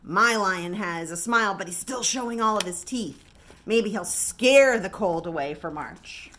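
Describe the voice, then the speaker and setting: A woman librarian with an American accent, reading a picture book aloud at storytime in an expressive way. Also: mid-range voice, a little slow, slight background noise. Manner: animated, expressive. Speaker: children's librarian.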